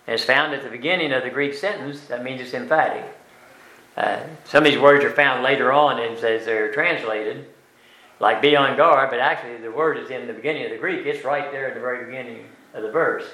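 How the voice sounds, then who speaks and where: Older guy teaching bible study, folksy, lots of uh's, sharp tone, room echo. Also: mid-range voice, brisk. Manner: plain, folksy, explains word by word with many uh fillers. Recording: echoey room.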